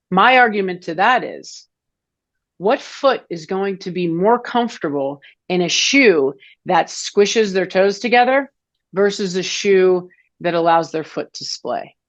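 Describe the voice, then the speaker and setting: A woman's voice: medium pitch, dull audio. A woman in her forties, a foot health clinician, explaining things casually with many fillers and restarts in an interview.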